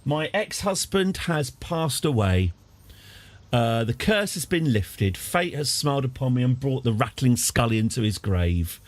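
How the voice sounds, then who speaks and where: A man's voice: medium pitch, big pitch swings, a little slow. A man streaming a strategy game live, chatting with jokey asides.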